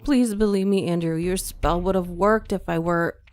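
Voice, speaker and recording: A frightened teenage girl begs through tears in a shrill, high voice, as a woman puts her on while reading a horror story. Her pleas climb sharply above the narrator's own low register. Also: fairly even intonation, normal speed, darkish tone, no echo, lightly acted. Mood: pleading, sobbing. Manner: tearful, shrill and begging.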